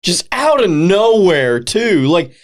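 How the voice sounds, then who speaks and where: A man's voice: high voice, big pitch swings, slow. A man co-hosting a casual movie chat, dropping short, laid-back, wry replies. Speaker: podcast co-host.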